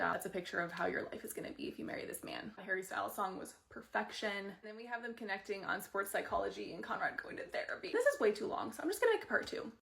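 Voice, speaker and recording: A woman races through her thoughts on a TV episode. She talks quickly and with excitement, sharing strong opinions. Now and then she drops into a whispered aside. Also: mid-range voice, creaky. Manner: animated, opinionated, gushing, occasional whispered asides. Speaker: fan commentator. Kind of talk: rapid-fire TV episode commentary.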